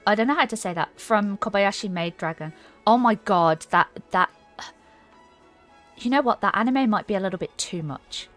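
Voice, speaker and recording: A woman streamer chats casually and giggles as she reads chat aloud. Her voice is mid-pitched for a woman. Faint game music plays under her. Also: expressive, normal speed. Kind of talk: casual live-stream chat while gaming.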